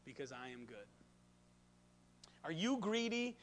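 Animated man preaching a sermon. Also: on the high side, unhurried, a little hiss or hum. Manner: animated preaching with asides and questions to the congregation. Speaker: pastor.

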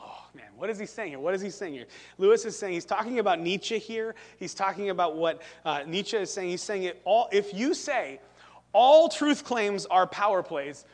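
A man with a high voice preaches an animated, emphatic sermon. He keeps pressing his points with "listen" and "right?". His words carry the long reverb of a church sanctuary. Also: normal speed. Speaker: pastor.

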